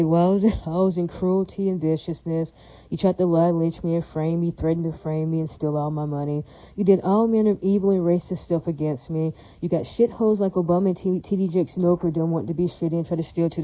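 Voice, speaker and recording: A woman's voice: on the low side, mellow, no room sound, highs cut off. A woman delivering a heated, rambling monologue, repeating herself and circling back to the same verbal tics. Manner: heated and defiant. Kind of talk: ranting monologue.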